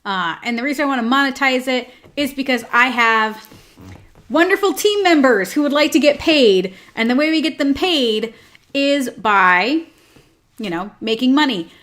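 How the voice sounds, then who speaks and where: A woman's voice: high voice, animated, normal speed, a bit bright. A woman hosting her own show, chatting casually with lots of fillers and joking asides. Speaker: host. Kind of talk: casual chat.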